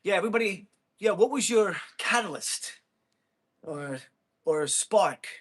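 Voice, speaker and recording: High-voiced whooping livestreamer man. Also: unhurried. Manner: energetic, whooping, talking to chat between hits; blunt and combative toward trolls. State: exerting himself while hitting a ball. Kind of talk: casual livestream chat while training.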